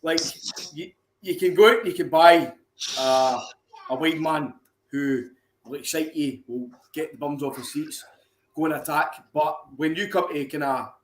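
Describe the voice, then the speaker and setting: A man's voice: fairly high pitch, a little slow. A Scottish man co-hosting a football podcast, chatting casually, sometimes hunting for the right word. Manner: apologetic, searching for words, sweary. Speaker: podcast co-host. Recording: echoey room with faint ambience.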